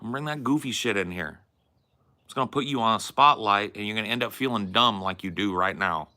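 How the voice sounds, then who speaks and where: A man's voice: fairly low pitch, brisk, bright, forceful tone. A young man hosting a stream, ranting at a chat member in a combative, mocking and profane way. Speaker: stream host arguing with chat. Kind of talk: heated stream rant.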